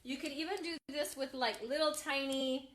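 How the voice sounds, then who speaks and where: A woman's voice: high voice, fairly even intonation, moderate pace, noisy background. A woman hosting a casual craft live stream, chatting and reading out viewer comments.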